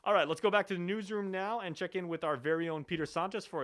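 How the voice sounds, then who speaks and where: Animated radio co-host man. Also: high voice, quick pace. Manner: animated, playful banter then steady news delivery. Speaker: morning show co-host. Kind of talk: casual radio chat and news reading.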